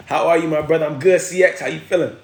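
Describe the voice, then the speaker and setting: A man on a live stream tells a story in loose slang and breaks off for viewer shout-outs and thanks. His voice is on the high side with vocal fry and a slightly fast pace, and the roomy-sounding recording is very noisy.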